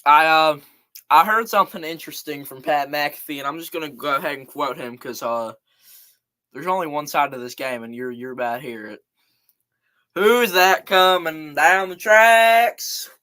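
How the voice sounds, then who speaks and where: A man's voice: on the high side, a little fast, sharp tone. A man hosting a casual live college football show, chatting loosely and reeling off scores and stats. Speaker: sports show host.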